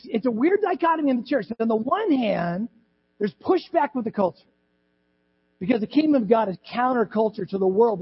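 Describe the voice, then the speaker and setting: A man's voice: high voice, slightly rough. A man preaching a conversational sermon as pastor in a church, repeating words and adding asides to the congregation. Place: church sanctuary. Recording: dull lo-fi with mains hum.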